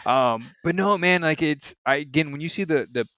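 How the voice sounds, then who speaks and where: Brief: relaxed cursing podcast co-host, man, muffled lo-fi dry recording. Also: a little high, normal speed, dry recording. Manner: laid-back, swears freely, says "man" often. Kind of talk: casual chat.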